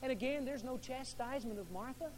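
High-pitched preacher guy telling the story big, drops low then goes loud, faint hum in the room. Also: brisk. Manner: dramatic storytelling, swinging from hushed to loud. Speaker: pastor. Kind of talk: sermon. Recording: echoey hall with faint hum.

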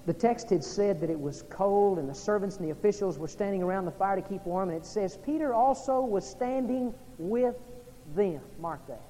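A man from Oklahoma or Texas, a pastor preaching an evening sermon in a church, swinging between loud and hushed delivery. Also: normal speed. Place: church sanctuary. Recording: long reverb in a large hall, faint rumble.

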